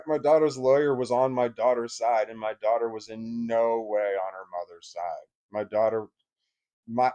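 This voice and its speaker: Speaking to the camera, a vlogger recounts something personal in a middle-pitched male voice with a mellow, lo-fi sound. His delivery is blunt and emotional, peppered with swearing and stop-start sentences.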